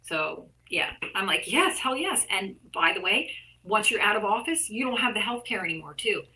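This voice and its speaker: A woman's voice: medium pitch, moderate pace, pushed and bright, rough recording. A woman guest, an artist and art teacher, speaking bluntly and emphatically in casual conversation, with frequent swearing.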